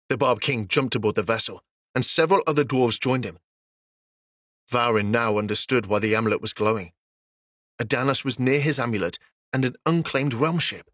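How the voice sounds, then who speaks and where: A man narrating a fantasy story as an audiobook, steady and even. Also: mid-range voice, moderate pace, no room sound, studio quality.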